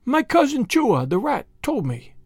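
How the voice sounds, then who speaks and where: A man's voice: very high-pitched, wildly swooping pitch, unhurried, vocal fry, a little mellow, dry recording, pitched above the performer's own voice, heavily acted. A man voicing a timid, broken-hearted little male muskrat in a storybook reading, pleading and close to tears. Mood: tearful pleading. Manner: tearful, pleading, sobbing.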